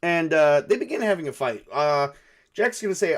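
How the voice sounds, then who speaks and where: A man's voice: on the high side, lively intonation, moderate pace. A man narrating and playing a solo tabletop game, thinking aloud with many fillers. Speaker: game master and solo player.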